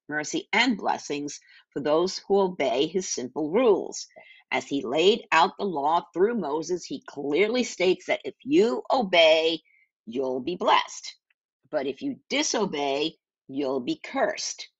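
A woman's voice: lowish voice, creaky, breathy edge, no echo, highs cut off. A woman reading and teaching a Bible passage in an earnest devotional style. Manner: earnest, reads scripture aloud with small slips.

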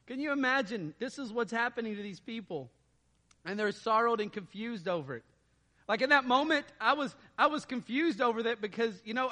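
A man preaching a sermon as a pastor, conversational and animated, laughing now and then. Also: sits high. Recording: long hall reverb.

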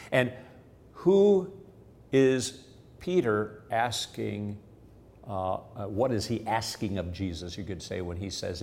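Low-voiced man teaching scripture earnestly. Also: darkish tone, slight background noise. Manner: earnest, explanatory, repeats key phrases. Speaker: devotional podcast host.

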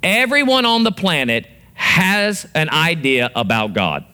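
A man delivers a sermon with a bright, forceful voice that sits a little high. He acts out prayers and quotes as he preaches, and his pitch swings widely from line to line. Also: very animated, measured pace, hardly any pauses. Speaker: pastor.

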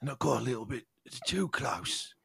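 A man in an improv comedy show playing a crude, gruff actor who plays a lonely cheese sculptor, in a coarse, mumbled voice. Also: fairly high pitch, lively intonation, normal speed, a bit bright, heavily acted. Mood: mournful. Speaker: improv player.

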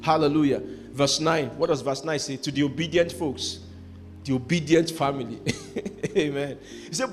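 A man's voice: fairly high pitch, normal speed, faint music behind. A man preaching a sermon as pastor, repeating phrases and asking the congregation to finish his sentences.

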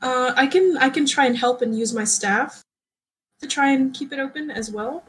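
A woman with a very breathy, husky voice and a fairly high pitch. She plays in a casual tabletop game and asks tentative questions. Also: moderate pace, a bit bright, rough recording. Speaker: player.

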